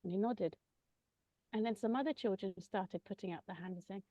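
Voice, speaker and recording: A woman gently describing her children's massage work, pausing often with ums. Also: mid-range voice, no echo, poor audio. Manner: gentle, hesitant with many ums. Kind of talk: casual conversational sharing.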